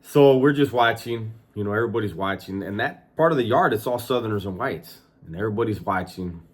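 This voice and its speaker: A man's voice: fairly low pitch, fairly quick. A man, a former prison inmate, casually telling a story with profanity and acted-out voices.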